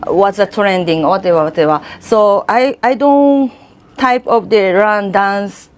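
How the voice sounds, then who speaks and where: A woman answering interview questions in halting, non-native English. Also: mid-range voice.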